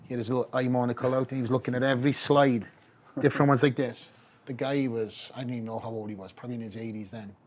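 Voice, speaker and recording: A Welsh-accented, middle-aged bodybuilder from Wales recounts his story as a podcast guest, speaking at a quick pace with medium pitch. He's a lively storyteller who does the voices of the people he quotes.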